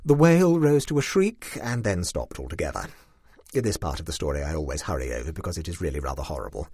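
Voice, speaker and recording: A man reading a short story aloud in a dry, wry, expressive manner. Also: a bass voice, quick pace, slightly rough, no room sound.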